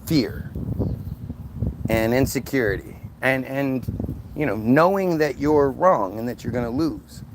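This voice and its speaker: In an unhurried, mid-range voice, a man hosts a solo livestream with background noise audible. He speaks combatively and sarcastically, aiming his words at a rival and at his viewers.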